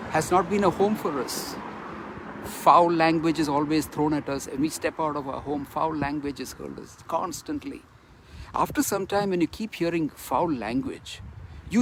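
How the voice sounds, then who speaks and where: A man's voice: fairly high pitch, background noise. A middle-aged man from Kerala with an Indian English accent, giving an impassioned, emphatic testimony straight to camera and repeating phrases for force. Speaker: speaker giving a personal testimony.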